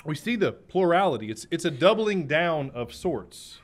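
Male preacher, slightly high voice, emphatic sermon delivery, repeats and slows on key points. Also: sing-song. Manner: clears throat now and then.

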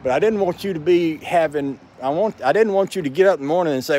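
A man's voice: on the high side, lively intonation, quick pace, warm tone. An older man, talking in a rambling, folksy way as a vlogger, tired and a little out of breath, outdoors by his house. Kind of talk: casual rambling vlog.

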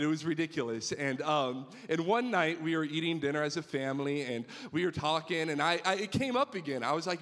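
High-voiced young youth pastor in a hall. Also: male voice, moderate pace. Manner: storytelling with rising excitement, many restarts. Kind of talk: sermon.

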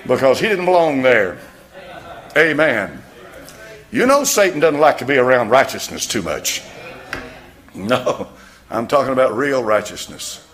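A man's voice: medium pitch, big pitch swings, moderate pace, fairly bright tone. A man preaching a sermon in a church, firing rhetorical questions at his congregation. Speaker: pastor.

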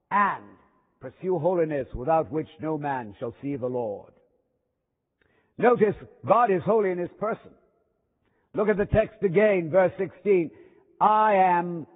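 High-voiced preacher in an echoing chapel. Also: male voice. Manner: emphatic preaching with dramatic pauses and drops in volume. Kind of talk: sermon. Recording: thin phone-like sound with long hall reverb.

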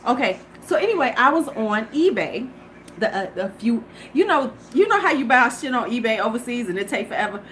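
A middle-aged woman livestreaming from her porch, chatting with viewers in a loose, salty way. Her voice sits a little high. A faint hiss of ambient noise runs under the recording. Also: sing-song, brisk, fairly bright tone, poor audio. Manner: chatty, profane, talks straight to viewers. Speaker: beauty vlogger. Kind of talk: casual livestream chat. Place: home porch.

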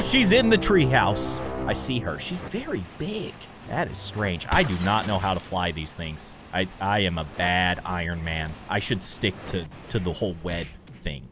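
A man giving jokey let's-play commentary, swinging between shrieks and deadpan asides. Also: mid-range voice, a little slow, soft background music. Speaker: gaming YouTuber.

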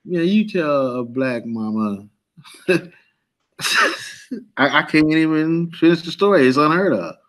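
A man's voice: on the high side, lively intonation, unhurried, pauses often, rough recording. A man in casual chat, joking and slipping into mock voices. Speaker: podcast co-host.

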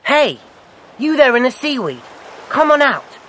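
Julian, a sensible, steady boy, as acted. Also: sits high, a little slow, slight background noise, full character voice. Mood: sensible firm. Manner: calm and reasoning. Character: sensible older boy, leader of the children. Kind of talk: dramatized audiobook acting.

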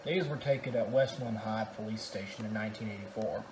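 A man's voice: fairly low pitch, fairly quick, close to an everyday voice. A young man playing an impatient police detective, pressing with frustrated questions. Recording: roomy echo with clear noise.

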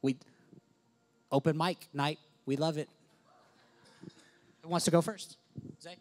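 Animated young pastor preaching a story. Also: male voice, on the high side, slow. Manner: animated, swings from loud exclaims to soft whispers. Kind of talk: sermon storytelling. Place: church service.

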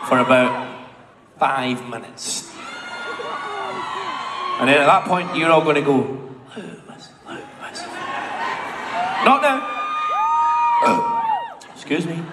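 A man's voice: mid-range voice, slow, long pauses. A man in his twenties bantering with a live audience between songs, cheeky, rambling, self-mocking and swearing freely. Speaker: singer on stage. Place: large indoor concert hall. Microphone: stage microphone. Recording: echoey hall with loud crowd noise.

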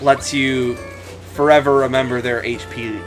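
A man's voice: mid-range voice, little pitch movement, normal speed. A man from Michigan with a Michigan accent, chatting casually while playing a video game. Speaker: gamer. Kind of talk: let's play chat. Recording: game music behind voice.

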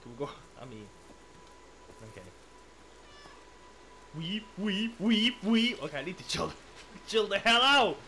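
A man hosting a let's play, excitable and slangy, swearing freely and calling everyone bro and man. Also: fairly high pitch, moderate pace, creaky, pauses often, slight background noise. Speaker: gaming channel host. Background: game music.

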